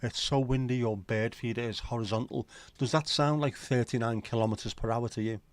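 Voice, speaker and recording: The recording is dry, and the man's medium-pitched voice stays steady and brisk. He's a middle-aged livestream host from Liverpool, talking casually and ramblingly to his audience, full of opinions and curse words.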